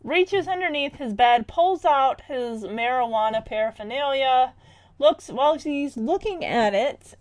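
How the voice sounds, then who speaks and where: A woman casually retelling a cartoon episode in a chatty, animated way, peppering her talk with "like". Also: high voice, a little slow, no room sound.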